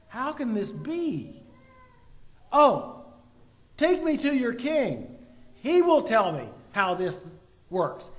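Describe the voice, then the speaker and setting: A man's voice: extremely high pitch, exaggerated voice. A man preaching, voicing an admiring foreign male traveler who exclaims in wonder.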